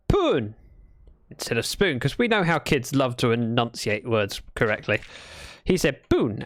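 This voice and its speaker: Lively streamer, chatty and playful. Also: medium pitch, no echo. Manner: chatty, playful, storytelling asides. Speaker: Minecraft livestreamer. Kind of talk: casual gaming livestream chat.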